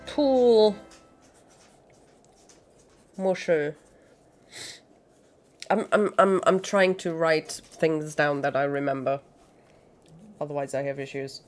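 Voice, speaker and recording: A woman's voice: deep voice, vocal fry. A young woman streaming a game at home in casual, giggly chat, using baby talk with her dog.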